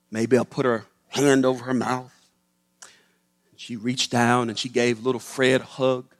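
A middle-aged man, a professor, telling a story to an audience in an animated way and acting out the voices. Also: medium pitch. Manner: animated, acts out the voices in his stories. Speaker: professor giving a talk. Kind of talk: storytelling public talk. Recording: long hall reverb.

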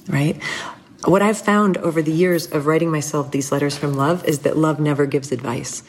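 A middle-aged woman speaking as an interview guest, earnest and reflective, with soft laughs and small restarts. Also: low-pitched, moderate pace.

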